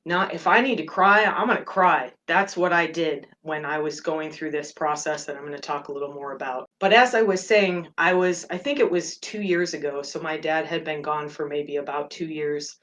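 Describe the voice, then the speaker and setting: A middle-aged woman hosting a meditation podcast, talking gently and candidly about her feelings. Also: low-pitched, fairly even intonation, moderate pace, few pauses. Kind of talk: personal reflective talk.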